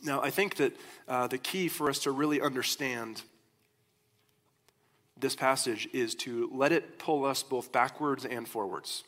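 A man preaching a sermon as a pastor, in a conversational, animated storytelling way. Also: mid-range voice, measured pace. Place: church sanctuary. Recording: long hall reverb.

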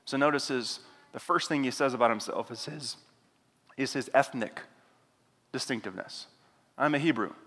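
A man preaching an expository sermon, retelling the scripture passage with animated voiced asides. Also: medium pitch, moderate pace, long pauses. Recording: long hall reverb.

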